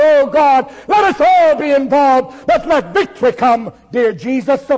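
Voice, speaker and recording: A man's voice: extremely high pitch, big-room sound, low-quality recording. A man, a pastor, giving an impassioned testimony sermon with dramatic storytelling.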